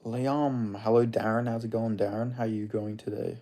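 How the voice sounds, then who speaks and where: A man's voice: fairly low pitch, little pitch movement, moderate pace, mellow. A man from Perth with an Australian accent, hosting a live stream in a rambling, crude, casual way while greeting chatters by name. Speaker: livestream host.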